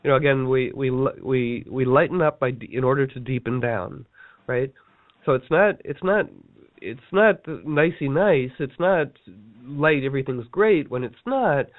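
A man teaching a workshop in a casual storytelling talk, animated and playful, acting out the people he quotes. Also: medium pitch, moderate pace, dry recording. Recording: dry tinny phone-like line.

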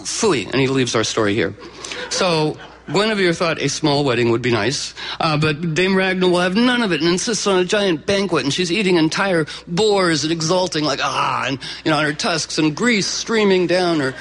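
A man's voice: fairly high pitch, a bit bright, slight background noise, rough recording. A man telling an old legend live to an audience, chatty and digressive with lots of fillers. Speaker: storyteller. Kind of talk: live oral storytelling to an audience.

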